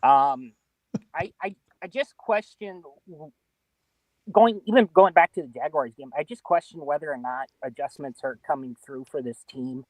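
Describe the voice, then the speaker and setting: A man's voice: a little high, normal speed, dry recording, rough recording. A man calling in to the podcast by phone, hesitant and stammering as he makes his point. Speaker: caller.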